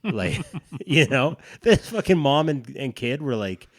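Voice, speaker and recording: A man's voice: mid-range voice, expressive, moderate pace, hardly any pauses, no echo, studio quality. A man co-hosting a dads' podcast, telling a rambling, profane story in casual chat. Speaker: podcast co-host.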